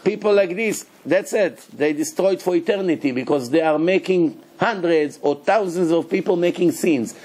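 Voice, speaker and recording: A man, a rabbi, giving a Torah lesson in animated, broken English and acting out quotes. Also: fairly high pitch, normal speed, few pauses. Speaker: rabbi teaching a Torah class.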